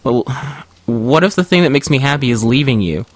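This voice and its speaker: A man's voice: medium pitch, expressive, a little fast, dry recording, lightly acted. A man voicing a frustrated adult male rabbit who is breaking up with his partner, speaking bluntly and with exasperation.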